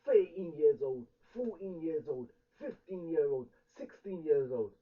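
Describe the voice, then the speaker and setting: A man's voice: a little high, lively intonation, unhurried. A young man with a London accent ranting angrily in a heated street argument, repeating himself as he hammers each point. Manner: angry, ranting, repetitive. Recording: tinny lo-fi recording from a distance.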